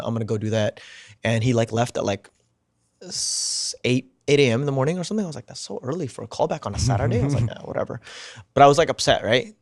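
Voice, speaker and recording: A man's voice: medium pitch, dry recording, clean studio sound. A man as a podcast guest, telling a story casually and with energy, swearing freely and acting out what people said. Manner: animated, swears casually, acts out quotes.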